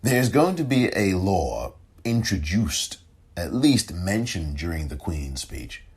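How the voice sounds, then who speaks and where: A male podcast host delivering solo political commentary in a slow, deliberate, indignant manner. His voice is very low and husky, and he leans hard on key words. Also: very animated.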